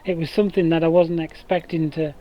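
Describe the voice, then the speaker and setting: Chatty man with a rough voice. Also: fairly high pitch, level tone, brisk, muffled recording. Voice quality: rough damaged voice. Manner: rambling, chatty storyteller with many restarts. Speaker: streamer. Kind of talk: casual chat while gaming.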